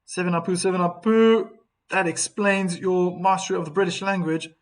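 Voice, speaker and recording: High-voiced chatty male tennis streamer. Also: steady tone, moderate pace. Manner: chatty, reads viewer comments between points. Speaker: live stream tennis commentator. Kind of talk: live streaming commentary.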